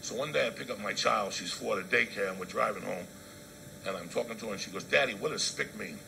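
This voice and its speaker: A middle-aged man telling a stand-up story, profane, swinging from loud outbursts to low asides. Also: fast, creaky, slight background noise, low-quality recording. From New Jersey. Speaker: comedian.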